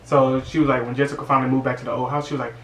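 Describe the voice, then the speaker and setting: A man's voice: medium pitch, level tone, very fast, a bit bright, a little hiss or hum. A man recapping a horror movie in a casual, slangy, exasperated way. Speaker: movie reviewer. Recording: roomy, distant mic, faint ambience.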